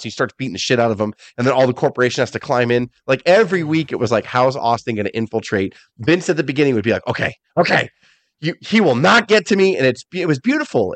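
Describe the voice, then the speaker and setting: A man co-hosting a podcast, telling stories in animated casual chat, swearing freely. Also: mid-range voice, dry recording. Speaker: podcast co-host.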